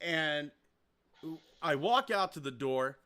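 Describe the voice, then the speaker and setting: A man tells a story on a podcast, talking casually and rambling. He swears freely and stays animated throughout. His voice sits high and sounds bright. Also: takes it slowly, clear, resonant tone. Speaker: podcast host.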